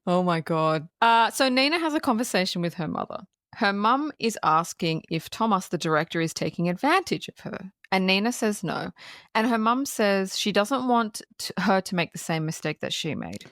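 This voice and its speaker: A woman's voice: medium pitch, lively intonation, normal speed, a bit bright, dry recording, studio quality. A woman co-hosting a film review podcast, chatting casually, swearing a lot and acting out lines from the film. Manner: swears freely, acts out quotes, laughs often. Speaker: podcast co-host.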